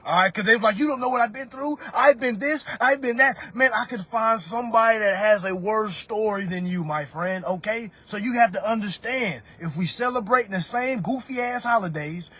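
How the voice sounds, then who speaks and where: A man in his thirties, his voice sitting high with a fairly bright, slightly rough tone, rants on a livestream using a phone mic. Offering money advice, he's preachy and profane and speaks directly to his viewers, calling them family.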